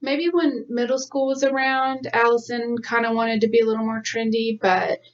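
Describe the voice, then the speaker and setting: A woman's voice: a little high, steady tone, moderate pace. A woman co-hosting a podcast in a rambling casual chat, laughing often. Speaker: podcast co-host. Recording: dull lo-fi sound from a distance.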